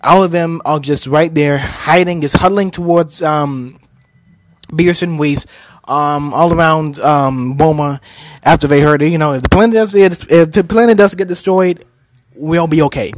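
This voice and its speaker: A young man retells an anime plot in a loose, casual way, and his voice sits a little high for a man. He stumbles through restarts and fillers as he goes. The sound is close and dry. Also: normal speed, no room sound. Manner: hesitant, many fillers and restarts. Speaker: anime reviewer.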